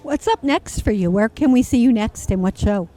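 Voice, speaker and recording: A woman's voice: a little high, animated, moderate pace, warm tone, faint music behind, low-quality recording. A woman hosting red-carpet interviews at a theater gala, gushing and enthusiastic.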